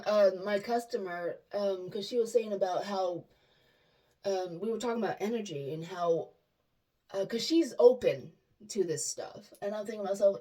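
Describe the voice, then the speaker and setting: A woman's voice: mid-range voice, far from the mic. A woman telling personal stories in a casual, chatty way, acting out the lines of the people in them. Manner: chatty and animated, acts out quoted dialogue, many restarts. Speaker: vlogger sharing personal stories. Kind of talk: casual storytelling monologue.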